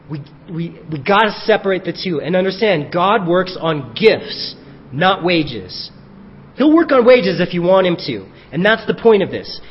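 Animated male preacher in a big hall. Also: sits high, breathy edge. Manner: animated preaching, acting out quoted voices. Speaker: pastor. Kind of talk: sermon. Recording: dull echoey hall.

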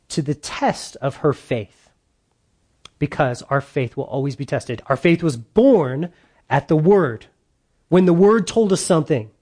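Man preaching a Bible study in a casual, conversational way; voice a bit high; drives points home by repeating them. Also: a little mellow. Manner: conversational preaching, repeats key lines, sarcastic mock voices. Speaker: pastor. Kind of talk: sermon.

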